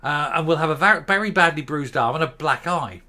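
A man in his fifties hosting his own channel, ranting bluntly and profanely to camera and stopping now and then to calm himself down. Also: a little high, fairly quick. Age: 50s. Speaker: commentary channel host. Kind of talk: angry opinion rant to camera.

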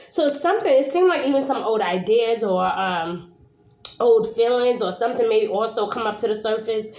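A woman from Brooklyn, New York, gives a casual tarot reading in a chatty, informal way, dropping the odd curse and checking in with "okay?". Her voice sits at a middle pitch. The recording has a roomy echo. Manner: chatty, casual, swears, often tags "okay?". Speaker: tarot reader. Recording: echoey room.

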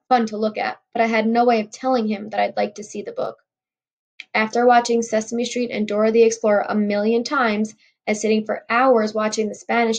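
A woman's voice: a little high, a little mellow. A woman reading a novel aloud in a wry first-person storytelling voice. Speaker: audiobook reader.

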